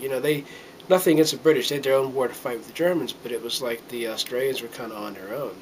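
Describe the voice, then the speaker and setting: A man's voice: mid-range voice, quick pace, slight background noise, rough recording. A middle-aged man from the United States talking to a handheld camera in a casual, earnest monologue, rambling with many fillers and restarts and getting a little choked up. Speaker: vlogger.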